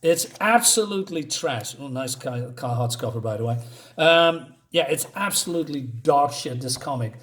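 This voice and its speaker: A man's voice: medium pitch, animated, normal speed, a bit bright. A man hosting his own channel, reviewing a comic in an exasperated, profane and mocking rant. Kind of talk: casual ranting review.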